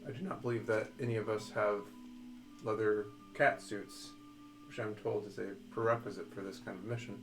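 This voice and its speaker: A man's voice: fairly low pitch, steady tone, normal speed, soft background music, close to an everyday voice. A man voicing an earnest young warforged construct who speaks formally and precisely, with hesitations.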